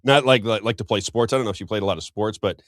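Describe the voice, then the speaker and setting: Fast-talking American man hosting a talk show. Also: fairly low pitch, a bit bright, no room sound, clean studio sound. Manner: rambling anecdotal storytelling. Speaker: host. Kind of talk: casual political talk show chat.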